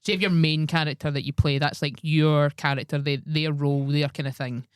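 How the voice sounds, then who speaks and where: A man's voice: a little high, steady tone, fairly quick, clean tone, no room sound. Chatty Scottish man, dry close sound. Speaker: podcast co-host. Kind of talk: casual chat.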